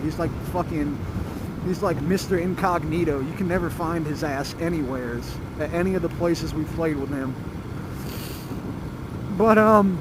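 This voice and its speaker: A man telling rambling, profane stories about his band days while riding a motorcycle, recorded on a helmet mic. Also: on the high side. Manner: profane, rambling, laughing storyteller. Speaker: motorcycle vlogger. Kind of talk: casual storytelling. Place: outdoors on a motorcycle in traffic. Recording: helmet mic with road noise. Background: road and engine noise.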